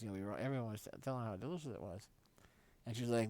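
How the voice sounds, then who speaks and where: A man's voice: fairly low pitch, racing, dry recording. A man hosting a live stream, telling a casual, rambling story and correcting himself often. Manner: rambling, self-correcting, animated when quoting others.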